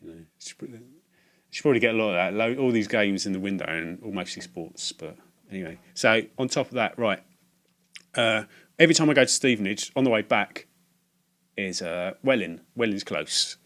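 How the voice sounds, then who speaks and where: A man telling a rambling, halting anecdote for his video game vlog, often stumbling and repeating himself. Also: lively intonation, a bit bright. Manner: rambling, halting, self-mocking, acts out voices in a high falsetto. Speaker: video game collector vlogger.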